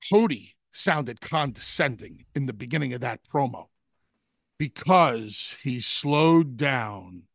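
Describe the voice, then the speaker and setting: A man co-hosting a wrestling talk show, who talks deliberately and slows down to spell out his points. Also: sits high, bright, forceful tone, dry recording, studio quality. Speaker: podcast co-host, wrestling analyst.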